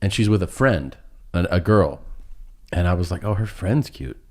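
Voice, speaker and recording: A middle-aged man telling a long, funny personal story on a podcast. He laughs through it and pauses often. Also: low-pitched, lively intonation. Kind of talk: casual storytelling chat.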